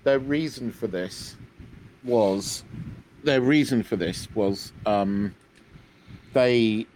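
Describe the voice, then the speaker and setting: A man's voice: lowish voice, extremely slow, a little mellow. Hesitant man explaining. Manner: hesitant, many ums and restarts. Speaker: podcast co-host. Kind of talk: casual chat. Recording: faint background noise.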